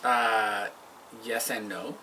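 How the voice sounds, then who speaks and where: A man's voice: fairly low pitch, drawn-out words, recorded from a distance, background noise. A man co-hosting a casual chat over drinks, patiently explaining sports. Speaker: podcast co-host.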